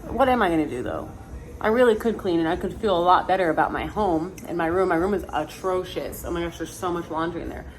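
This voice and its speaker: A woman's voice: fairly low pitch, fast. A woman in her thirties vlogging from her car, chatting in a rambling, self-mocking way and swearing casually. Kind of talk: casual chat. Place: inside a car in her neighborhood. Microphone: camera mounted in the car. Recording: noisy car interior. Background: car and road noise.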